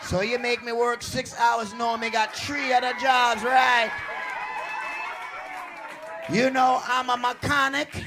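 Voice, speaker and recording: A man's voice: extremely high pitch, exaggerated voice, poor audio. A man voicing an angry Jamaican worker who has just been fired, ranting in a heavy Jamaican accent. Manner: shouting, aggressive rant. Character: furious Jamaican man fired from one of several jobs.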